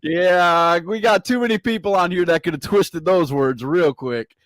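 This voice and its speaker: A man's voice: high-pitched, moderate pace, a bit bright, dry recording, clean studio sound. A man hosting a casual interview, reading out viewer questions and bantering with frequent laughter.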